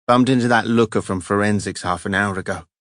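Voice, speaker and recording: A man voicing a gruff, cheerful police sergeant leaving a breezy, slangy phone message in an audiobook. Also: fairly low pitch, brisk, a bit bright, no echo, studio quality, natural voice. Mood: chatty. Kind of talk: audiobook character voice.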